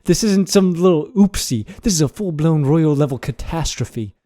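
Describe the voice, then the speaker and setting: An exasperated male British news anchor, done by a man in a put-on accent, scolds someone with theatrical, over-the-top outrage. The voice is mellow and a little higher than an average man's. It is a comic podcast bit. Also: expressive, normal speed, natural voice. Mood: exasperated scolding. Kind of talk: comedic accent challenge on a podcast.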